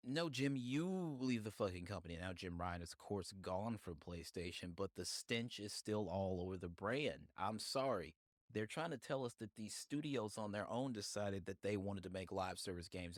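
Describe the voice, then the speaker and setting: Deep-voiced man ranting on a podcast. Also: moderate pace, no room sound, studio quality. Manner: heated, profane ranting. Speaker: podcast host. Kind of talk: opinionated solo podcast commentary.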